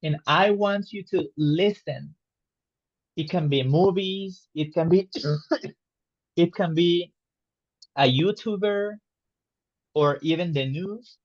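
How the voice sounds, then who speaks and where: A man teaching an online English lesson, explaining slowly and patiently and checking understanding with questions. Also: on the high side, no room sound, muffled recording. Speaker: English tutor.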